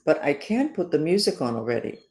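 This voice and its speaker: A woman's voice: low-pitched, sing-song, a little fast, darkish tone, echoey room. A woman hosting a self-help talk, rambling and sarcastic, with emphatic stresses. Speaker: host.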